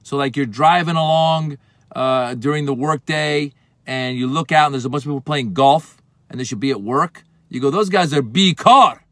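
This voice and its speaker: A man's voice: medium pitch, normal speed. A middle-aged man who is a comedian, explaining words in a comic way and acting out exasperated outbursts. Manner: animated, acts out exasperated outbursts.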